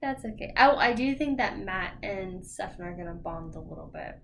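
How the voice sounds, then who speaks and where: A woman's voice: fairly low pitch, animated, normal speed, gravelly, fairly bright tone. A tired young woman co-hosting a casual late-night book discussion. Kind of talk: casual chat. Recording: faint background noise.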